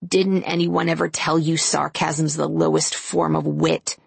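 Woman reading a spiteful old witchy woman for an audiobook, low and gravelly, sneering. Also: flat delivery, a little slow, no room sound, full character voice. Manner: sneering, insulting.

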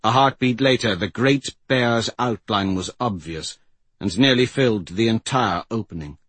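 A man narrating a fantasy audiobook in a slow, measured storytelling voice. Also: on the low side, a bit bright, slightly rough, no room sound.

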